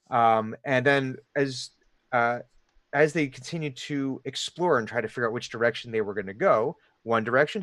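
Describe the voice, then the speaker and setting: A man with a Delaware Valley accent narrates a tabletop adventure as dungeon master, circling back and restarting his sentences as he goes. His pitch sits at an ordinary middle height. The recording is dry and close. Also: fairly bright tone, dry recording. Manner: rambling, laughing often, many restarts.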